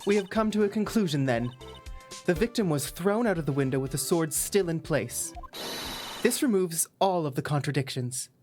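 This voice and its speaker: Condescending young female prosecutor, cold and measured, voiced by a streamer. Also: medium pitch, expressive, music in the background, close to an everyday voice. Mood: haughty.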